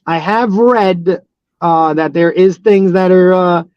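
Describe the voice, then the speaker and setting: A man's voice: high-pitched, slow, smooth, no echo. Rambling man on a muffled dry line. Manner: rambling storyteller, many fillers and restarts, laughs easily. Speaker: professional wrestler and guest. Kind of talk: casual interview chat.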